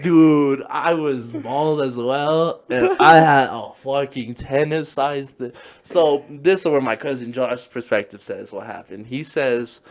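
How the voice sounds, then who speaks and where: A man's voice: medium pitch, measured pace, hardly any pauses. A young man telling a long story in casual chat, rambling and laughing as he goes. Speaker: podcast co-host.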